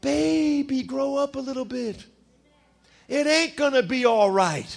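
A man preaching a sermon, telling stories with acted-out quotes and a lively, punchy delivery. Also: very high-pitched, unhurried, gravelly. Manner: animated storytelling with acted quotes. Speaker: pastor.

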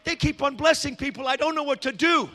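A man's voice: very high-pitched, fast, sharp tone, pitched above the performer's own voice. A male pastor voicing a frantic demon complaining to its master in a sermon. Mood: whining.

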